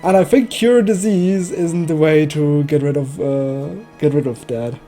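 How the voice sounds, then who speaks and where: Mellow-voiced male game streamer. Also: on the high side, measured pace, soft background music. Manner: joking, thinks aloud while playing. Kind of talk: casual let's play commentary.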